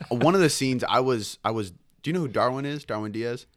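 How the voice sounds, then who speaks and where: A man's voice: mid-range voice, animated, brisk, slight background noise. A young man telling stories in a laid-back, slangy way on a casual podcast. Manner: laid-back storytelling, slangy, says "bro". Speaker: podcast co-host.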